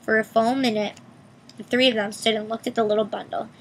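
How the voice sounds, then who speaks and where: A woman's voice: on the high side, little pitch movement, brisk, poor audio. A woman reading a storybook aloud expressively, voicing each character herself, over a faint hiss. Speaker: reader. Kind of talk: audiobook reading with character voices.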